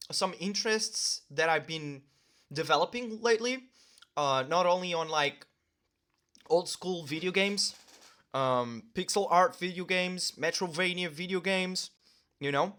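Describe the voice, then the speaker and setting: A man's voice: high-pitched, fairly bright tone. A young man vlogging casually to the camera while eating lunch at home, rambling with lots of fillers and talking with his mouth full.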